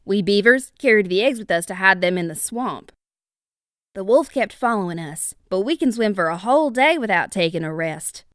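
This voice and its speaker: A woman's voice: medium pitch, animated, moderate pace, no room sound, clean studio sound, natural voice. A woman voicing a big, worried male beaver telling what happened. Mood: urgent. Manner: loud, urgent storytelling.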